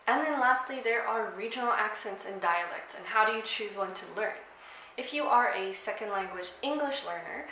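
A woman's voice: mid-range voice, sharp tone, echoey room, slight background noise, low-quality recording. A young South African woman, Afrikaans by first language, chatting casually to camera as a language vlogger, with frequent ums and likes. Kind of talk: casual explanatory talk to camera.

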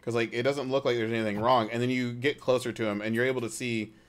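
A man's voice: mid-range voice, fairly even intonation, quick pace. A man narrating a tabletop game as game master, in a casual, hesitant way with many fillers.

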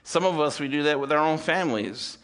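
A middle-aged male pastor with a fairly high voice delivers a sermon to his congregation. He builds to loud, emphatic peaks, then drops to quiet, intimate asides, peppering his sermon with rhetorical questions and calls for amen. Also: a little fast. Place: church service with congregation.

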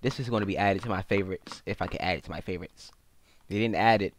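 A man hosting a gaming video, giving playful, jokey let's-play commentary that jumps into high, excited squeals. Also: quick pace, a little hiss or hum.

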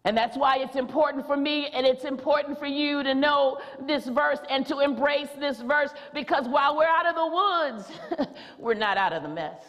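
A woman preacher delivering a rousing sermon in a church, repeating phrases and rising to shouts. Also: high voice, normal speed, big-room sound, highs cut off. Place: church sanctuary.

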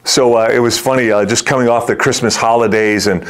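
A man's voice: mid-range voice, fairly even intonation, brisk. A middle-aged male pastor preaching a conversational sermon, often repeating words as he starts sentences and acting out the voices in his stories. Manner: acts out quoted voices in the story.

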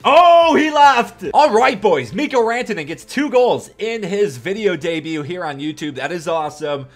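Hyped young man yelling over gameplay. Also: a little high, animated, moderate pace. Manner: hyped, yelling at big plays, swearing jokingly. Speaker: gaming YouTuber. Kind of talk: excited gameplay commentary. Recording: faint music behind.

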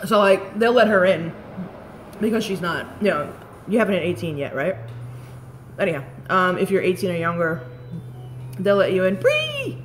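A woman's voice: on the low side, normal speed, pauses often, slight background noise. A woman, rambling and swearing casually as she chats on a live stream about beauty products. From Staten Island, New York. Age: late 30s.

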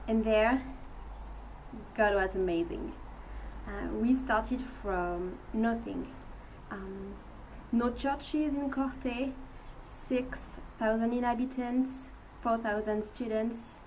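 A young woman from France speaks English with a French accent, sharing an earnest report as a mission team leader. She talks slowly and stumbles through fillers. The mic sits some way off, with faint noise behind her. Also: a little high, a little mellow, far from the mic, rough recording. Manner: hesitant, many fillers, earnest. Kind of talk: testimony to supporters.

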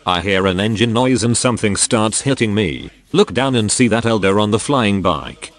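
Low, lively synthetic male story reader. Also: moderate pace, faint music behind. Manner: reads crude first-person anecdotes straight through. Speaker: narrator. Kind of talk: text-to-speech reading of forum stories.

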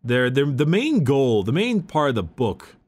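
A young man co-hosting a casual book discussion, talking in a relaxed way with frequent restarts as he recounts scenes. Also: mid-range voice, measured pace. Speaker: podcast co-host.

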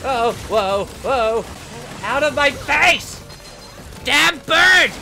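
Guy doing a fussy young reaper ranting at a video game, high voice, slow and drawn out, game music behind. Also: animated, gravelly, exaggerated voice. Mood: annoyed, playful. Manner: easily agitated, swears and yells at the game. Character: symmetry-obsessed young male reaper, short-tempered. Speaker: gamer playing in character. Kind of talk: in-character gameplay commentary.

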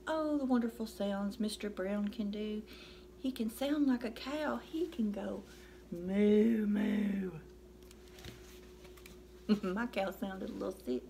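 A woman's voice: mid-range voice, moderate pace, darkish tone, slight background noise. A woman reading a picture book aloud to children, playfully acting out animal sounds and coaxing her young listeners to join in. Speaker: storytime reader.

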